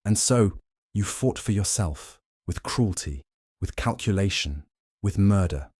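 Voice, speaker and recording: Poirot, a man voicing a deep, theatrical detective. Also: animated, darkish tone, breathy edge, no room sound, clean studio sound, full character voice. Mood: triumphant. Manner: measured, dramatic accusations with French phrases. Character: shrewd, theatrical male detective, middle-aged, accusing. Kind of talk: audiobook character reading.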